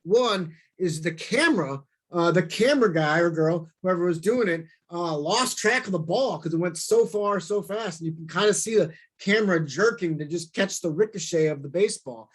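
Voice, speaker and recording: A man from St. Louis giving a storytelling talk, animated and self-deprecating, acting out quoted lines in bursts. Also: high-pitched, normal speed, few pauses. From St. Louis, USA.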